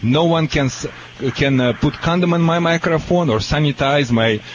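A man's voice: fairly high pitch, normal speed, dull audio, a little hiss or hum. A man with a Russian accent, a dog trainer giving blunt, boastful advice on a call-in radio show.

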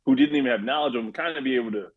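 A man talking as a podcast guest in casual chat, animated, laughing often and acting out quotes. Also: mid-range voice, racing, breathy edge, phone-quality sound.

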